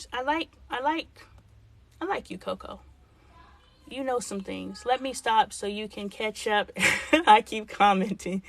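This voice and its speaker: A middle-aged woman hosting a livestream, chatting frankly and thinking aloud as she answers viewers' comments. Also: medium pitch. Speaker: livestream host. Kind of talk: casual livestream chat reading comments.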